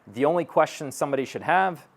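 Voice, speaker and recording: A man's voice: fairly high pitch, lively intonation, creaky. A man in his thirties giving a live stage talk as a sales coach, blunt and profane, acting out bits of sales-call dialogue. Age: 30s. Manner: blunt, profane, punchy delivery; acts out sales-call dialogue in quick asides. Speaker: sales coach speaking to an audience.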